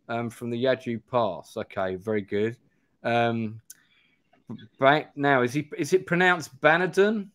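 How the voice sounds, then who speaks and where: A man's voice: medium pitch, a little slow, fairly bright tone, no room sound. A man hosting a live stream, reading a gamebook aloud and chatting in a rambling, self-deprecating way. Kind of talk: live-stream play-through narration and chat.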